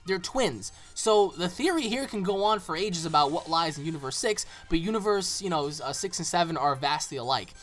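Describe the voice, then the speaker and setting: A man's voice: a little high, animated, a little fast, few pauses, a bit bright, soft background music. A man hosting a casual anime recap, rambling with lots of fillers. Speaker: host.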